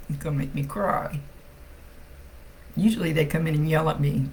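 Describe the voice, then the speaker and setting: A woman's voice: low voice, moderate pace, a little mellow, slight background noise, poor audio. A woman working as a psychic medium, giving a casual live-streamed reading. She talks bluntly, thinks aloud and swears freely.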